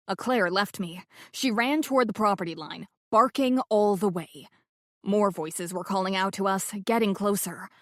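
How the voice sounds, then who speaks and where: Woman, audiobook narrator, mid-pitched, dead-dry close sound, scripted narration. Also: no room sound. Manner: reads dialogue with rising, shouted emphasis.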